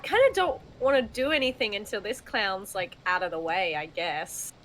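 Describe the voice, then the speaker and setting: A woman's voice: medium pitch, normal speed, fairly bright tone, rough recording. A woman playing a tabletop game, casual and joking. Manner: joking, laid-back. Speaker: player.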